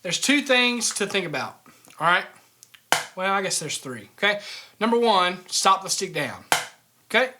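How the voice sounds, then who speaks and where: A man's voice: sits high, sing-song, normal speed, long pauses, noisy background. A man teaching a drumming lesson, explaining each step and checking in with "okay?" after every point. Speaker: drum teacher. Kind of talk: instructional lesson.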